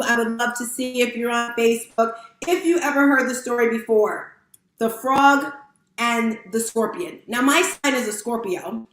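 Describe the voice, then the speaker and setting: Woman motivational speaker on a live stream: casual, emotional, higher pitched, roomy sound. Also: a bit bright. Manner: candid, emotional, casual, addresses viewers as guys. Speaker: motivational speaker and fitness instructor. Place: room at home with lights set up. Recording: roomy echo.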